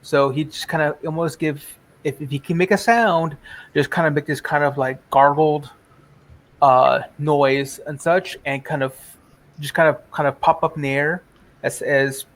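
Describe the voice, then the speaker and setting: A man's voice: a little high, steady tone, normal speed, a bit bright. A man describing his character's actions in a tabletop game, hesitant and full of fillers. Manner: hesitant, many fillers and restarts. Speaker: player.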